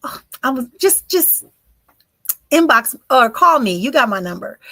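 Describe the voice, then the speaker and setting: Woman spiritual medium, hosts a live-stream reading, bright and dry, goes soft and whispery often. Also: high-pitched, sing-song, unhurried, pauses often, no room sound. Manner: emotive, breaks into soft whispers. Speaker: spiritual medium and podcast host. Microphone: close mic for live streaming.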